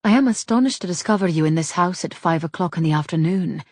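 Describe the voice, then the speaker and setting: A woman voicing a proper young lady in an audiobook, speaking crisply and in a businesslike way. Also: on the low side, lively intonation, quick pace, a little mellow, dry recording, clean studio sound. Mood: brisk. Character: brisk, proper young lady, sharp-tongued. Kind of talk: audiobook character voice.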